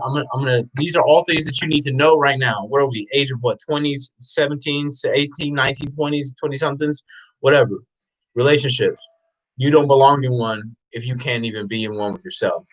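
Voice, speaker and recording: A man's voice: medium pitch, fairly bright tone, rough recording. A man giving a blunt, unscripted motivational rant, preaching intensely, hammering the same questions over and over, swearing and often raising his voice. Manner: blunt and profane. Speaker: motivational vlogger.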